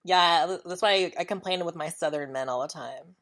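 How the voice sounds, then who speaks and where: Woman, very low pitch, podcast host, candid, chatty, repeats phrases, casual solo talk. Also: a little fast, fairly bright tone.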